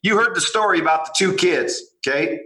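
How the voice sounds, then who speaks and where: A fairly high-voiced man with a bright, forceful tone speaks bluntly and swears freely. He tells lively stories in a casual podcast chat. His voice carries a noticeable room echo. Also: fairly quick. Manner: blunt, profane, animated storytelling. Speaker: podcast guest, entrepreneur.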